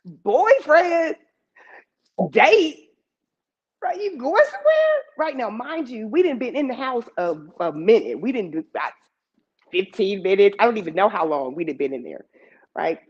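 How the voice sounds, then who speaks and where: A woman telling a personal story to a live audience in a lively, conversational way, heard in a dull lo-fi recording. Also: mid-range voice, fairly quick, husky. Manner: lively, conversational, with laughs and asides. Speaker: storyteller and emcee.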